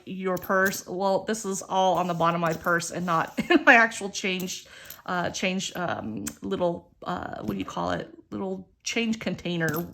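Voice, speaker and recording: A woman's voice: mid-range voice, a bit bright, a little hiss or hum. A middle-aged woman hosting a budgeting channel, chatting casually and expressively while counting aloud through a savings game.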